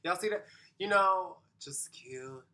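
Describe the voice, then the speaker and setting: A man's voice: high voice, takes it slowly, bright, forceful tone, soft background music. A man working as a vocal coach, casually explaining singing technique to viewers at home. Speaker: vocal coach reacting to a performance. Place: home, recorded at night.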